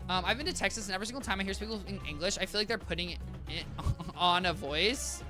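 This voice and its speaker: A man's voice: high voice, quick pace, music in the background. A young man streaming a video game, rambling in a casual, self-deprecating way and talking to his chat as "guys". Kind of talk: casual gaming commentary.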